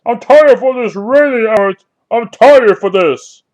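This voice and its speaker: A man's voice: very high-pitched, unhurried, darkish tone, highs cut off. A man voicing an impatient male watermelon in a homemade puppet story, whining and repeating himself. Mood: whiny. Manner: whiny, repeats phrases over and over.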